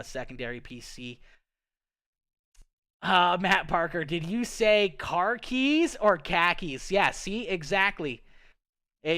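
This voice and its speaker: A man's voice: a little high, pushed and bright, smooth. A Canadian man with a Canadian accent, hosting a casual livestream chat in a playful manner, tacking "okay" onto his lines and laughing often. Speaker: livestream host. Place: home streaming setup.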